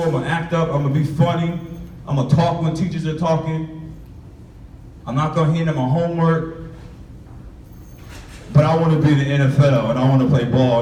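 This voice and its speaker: A man's voice: a little high, a little mellow, slight background noise. A young man telling a candid, street-styled personal story to students, acting out the voices of his past. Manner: candid, street-inflected storytelling with acted-out quotes. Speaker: author speaking to students. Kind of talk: motivational storytelling talk. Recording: echoey room from far off.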